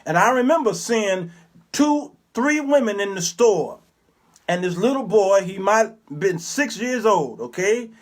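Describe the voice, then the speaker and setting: A man in his fifties with a high-pitched voice for a man, hosting his own talk show. He tells stories in an animated, preacherly manner, dropping into the voices of the people he describes. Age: 50s. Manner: preacherly, animated, acts out characters. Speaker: show host. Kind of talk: commentary monologue with storytelling.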